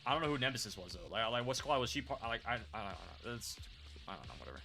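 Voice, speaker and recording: Excitable, rambling male streamer. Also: on the low side, quick pace, gravelly, soft background music. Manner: rambling, excitable, with lots of fillers and swearing. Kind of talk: live gameplay commentary.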